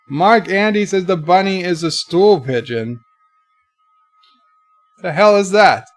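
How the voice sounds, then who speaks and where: A man hosting a casual livestream from his bedroom, reading viewers' comments aloud in a livelier voice and answering them in a lower, quieter tone. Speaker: livestream host.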